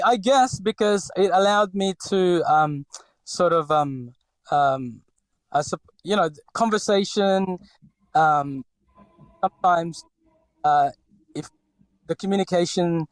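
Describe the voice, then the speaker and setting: Slow, with long pauses, a fairly high-pitched man in his forties from the Philippines speaks as a podcast guest in a light Filipino accent. There's no room sound, and his delivery is halting, with many fillers and restarts.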